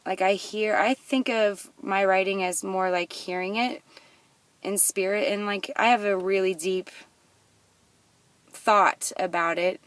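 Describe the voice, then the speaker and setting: A woman's voice: mid-range voice, steady tone, unhurried, far from the mic, a little hiss or hum. Woman rapping, then chatting, from off-mic. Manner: loud rhythmic rapping, half-sung. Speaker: vlogger and songwriter. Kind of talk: rapping her lyrics then casual talk.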